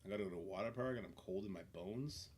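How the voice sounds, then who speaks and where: A man's voice: lowish voice, rapid-fire, a little mellow, slight background noise. A man streaming a game live, chatting casually and swearing as he reacts to the game and to his chat. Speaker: livestreamer. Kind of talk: casual gameplay commentary.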